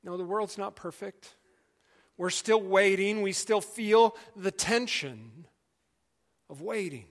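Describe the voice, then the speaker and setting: A middle-aged male pastor preaching a sermon in an earnest, conversational way, dropping to quiet emphasis. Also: high-pitched, slow.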